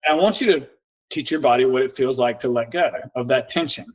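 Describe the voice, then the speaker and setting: A man, a nervous system coach guest on a podcast, telling client stories in a lively way, acting out both sides of the talk and slowing down for guided instructions. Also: mid-range voice, low-quality recording. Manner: animated storyteller acting out both sides of conversations; slow, guiding coaching instructions. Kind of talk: casual storytelling in a podcast interview.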